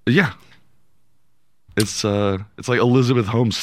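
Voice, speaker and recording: A man's voice: medium pitch, fairly even intonation, a little slow, dry recording. A man co-hosting a morning radio show, speaking in a hesitant, thoughtful way. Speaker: radio co-host. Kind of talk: casual radio talk.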